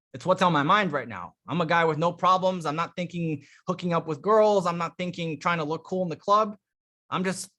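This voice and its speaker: Forceful bright-voiced male dating coach. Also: fairly high pitch. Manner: energetic, emphatic, restarts words often. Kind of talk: live group coaching feedback.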